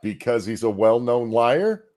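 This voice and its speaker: A man's voice: mid-range voice, expressive, a little slow, a little mellow. A man co-hosting a live reaction stream, trading sardonic and profane mocking asides. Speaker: co-host.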